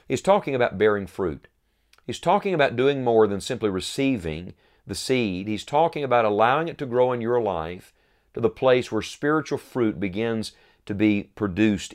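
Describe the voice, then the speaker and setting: An earnest man delivering a sermon in a fairly low voice. He reads old scripture wording aloud and presses his points home with repeated phrases and deliberate pauses. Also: darkish tone. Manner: slows for emphasis, rising repeated phrases. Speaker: preacher.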